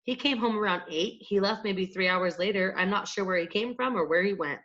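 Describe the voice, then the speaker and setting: A woman's voice: mid-range voice, brisk, fairly bright tone, natural voice. A woman reading a storybook voices a tired, anxious mother who is protective of her son. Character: weary worried mother, protective. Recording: dull lo-fi audiobook recording.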